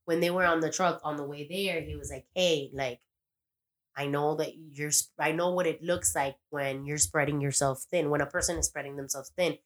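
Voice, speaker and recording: A woman's voice: sits low, fairly even intonation, normal speed. A woman casually recapping a TV episode on a podcast, rambling, swearing freely and acting out the characters' lines. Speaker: podcast co-host.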